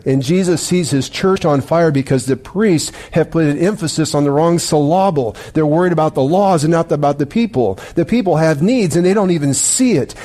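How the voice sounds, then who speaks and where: A man preaching a sermon from the pulpit of a church. His voice is warm and mellow and sits a little high. He slows down and leans on key phrases as he retells scripture to his congregation. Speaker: pastor. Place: church sanctuary.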